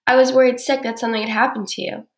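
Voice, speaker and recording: A woman's voice: on the high side, little pitch movement, racing, reverberant, natural voice. A woman voicing a kindly old grandmother who fusses over her granddaughter. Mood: fond.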